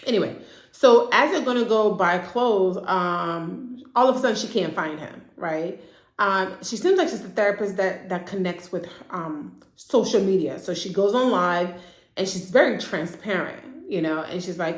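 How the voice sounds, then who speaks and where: A woman therapist giving a casual, chatty recap of a TV drama, slipping into quick impressions of the characters. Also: mid-range voice, echoey room. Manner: chatty, acts out characters' lines in quick asides.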